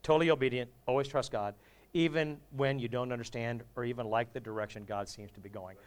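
A man's voice: mid-range voice, steady tone, quick pace, clear, resonant tone. A male pastor preaching a sermon in a humorous, conversational way, often asking the congregation questions.

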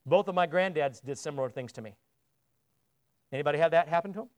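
A man's voice: a little high, fast talker. A man preaching a sermon in a church, talking casually and asking the congregation questions, often repeating words as he presses a point.

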